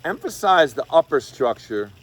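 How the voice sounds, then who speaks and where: A man's voice: on the high side, sing-song, moderate pace, husky. A man teaching an online guitar class in a casual, chatty way, scatting rhythms as he explains chords. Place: home studio over video call. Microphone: video call. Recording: loud guitar under the voice. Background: guitar playing.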